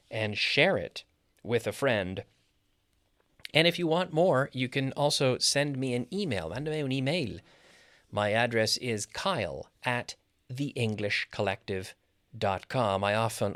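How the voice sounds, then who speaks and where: A man's voice: lowish voice, fairly bright tone, dry recording, studio quality. A man hosting an English-lesson podcast who explains patiently, says example sentences aloud and adds Spanish glosses. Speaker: English teacher and podcast host.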